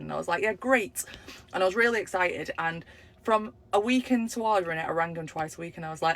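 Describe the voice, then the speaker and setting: A young woman tells a story in casual chat, acting out the voices she quotes with big jumps in pitch. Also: fast talker, fairly bright tone.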